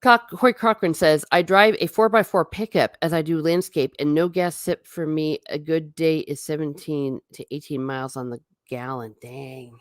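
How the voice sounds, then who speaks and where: A woman's voice: sits low, normal speed, few pauses, no room sound, clean studio sound. A woman hosting a casual livestream, chatting in a rambling way, reading viewer comments aloud and laughing often. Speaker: livestream host reading chat.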